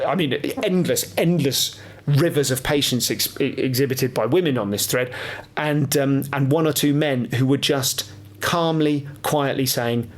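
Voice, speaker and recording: A man hosting a podcast, talking in an earnest, impassioned and self-deprecating solo monologue with frequent swearing. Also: mid-range voice. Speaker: podcast host.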